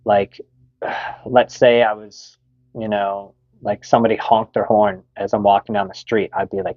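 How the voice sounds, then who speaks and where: A man's voice: medium pitch, fairly even intonation, moderate pace, dry recording, dull audio. A middle-aged Canadian man candidly telling a personal story, frank and swearing freely, with many fillers.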